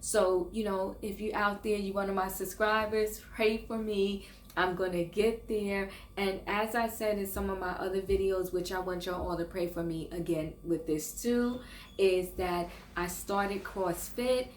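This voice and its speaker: A woman's voice: mid-range voice, steady tone, a little slow, echoey room, a little hiss or hum. An older woman talking in a casual vlog, earnest and encouraging, sometimes stumbling over her words. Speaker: vlogger. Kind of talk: casual faith and self-help vlog.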